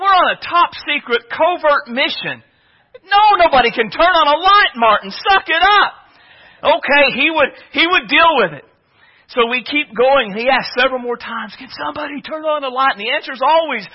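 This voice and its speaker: A man preaching a sermon, telling a personal story in an animated way and often repeating words. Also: high-pitched, husky. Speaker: pastor. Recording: dull lo-fi recording.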